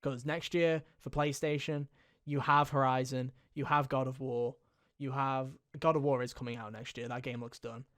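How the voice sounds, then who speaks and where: A man's voice: medium pitch, flat delivery, normal speed, few pauses, fairly bright tone. A man co-hosting a gaming podcast in casual chat, rambling and jokey, with a lot of swearing. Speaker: podcast co-host.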